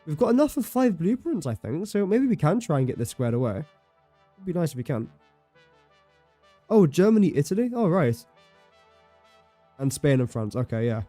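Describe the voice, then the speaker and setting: A young man livestreams a game, chatting casually in a fairly high, warm voice. He rambles and corrects himself as he goes. The recording is dry.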